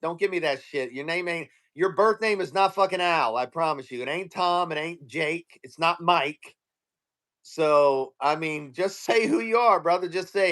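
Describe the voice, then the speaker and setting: A man's voice: fairly high pitch, normal speed, fairly bright tone. A man telling a profane, ranting story in casual chat on a live stream.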